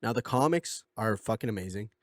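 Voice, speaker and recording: A man's voice: lowish voice, expressive, brisk, no room sound. A young man hosting a casual video essay, rambling with lots of fillers, joking and correcting himself. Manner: jokey, swears. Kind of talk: casual commentary.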